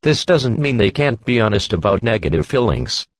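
A man giving a measured, steady scripted reading of a Christian parenting book as an audiobook narrator. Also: on the low side, dry recording.

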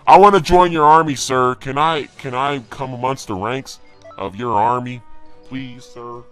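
A teenage boy voicing a bossy male villain who threatens to swallow people, in a gravelly voice with mocking, drawn-out threats. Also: medium pitch, a bit bright, faint music behind, voice pushed down, natural voice. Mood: fawning.

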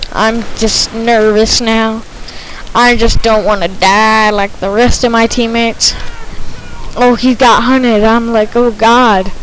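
A woman with a high-set voice talks over her gameplay footage in a slow, drawn-out let's play commentary. She gets jittery and excitable, looping the same few words when things turn tense, with a faint hiss of noise behind her. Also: rough recording.

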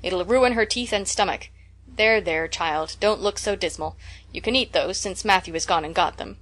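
A woman voicing a strict, practical older spinster who talks in a brisk, dry, scolding way, in a storybook reading. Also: fairly low pitch, a bit bright. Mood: stern.

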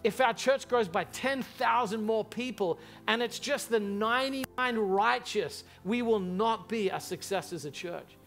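His voice sitting high, a man delivers an impassioned, animated sermon to a big church crowd. He's the pastor, and he drives his message through storytelling.

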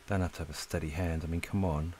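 A man rambling casually to viewers as he draws, relaxed and a little breathless. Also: deep voice, fast, a little hiss or hum. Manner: relaxed, rambling, talks to viewers while drawing. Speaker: art channel host. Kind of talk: casual chat while drawing. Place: lives in Spain.

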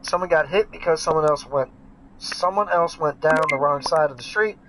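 A man's voice: a little high, normal speed, background noise. A man streaming a game live, chatting casually, greeting viewers by name and reading their messages aloud.

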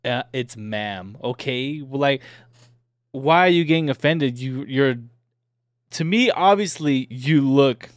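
A man's voice: mid-range voice, a little slow, no echo, studio quality. Slangy laid-back male co-host. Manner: slangy, loose, says "bro" and "like" a lot. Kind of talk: casual podcast chat.

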